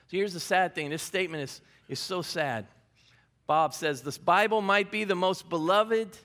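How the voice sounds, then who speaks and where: A man's voice: sits high, a bit bright. A male pastor giving a sermon in a conversational way, repeating key phrases and adding light humor. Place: church service.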